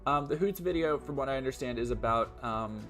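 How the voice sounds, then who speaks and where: A man's voice: mid-range voice, brisk, fairly bright tone, faint music behind. A tired man chatting casually on a live stream, rambling and trailing off, his voice giving out. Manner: rambling, trailing off, many fillers.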